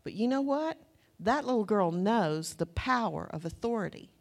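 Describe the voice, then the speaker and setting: A woman's voice: mid-range voice, animated, normal speed, vocal fry. Southern woman teaching a folksy sermon. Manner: conversational, anecdotal, folksy asides. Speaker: Bible teacher.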